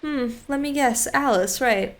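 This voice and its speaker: A woman's voice: high voice, unhurried, pitched above the performer's own voice. A woman reading as a breezy, blunt stallholder. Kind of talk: reading a visual novel aloud.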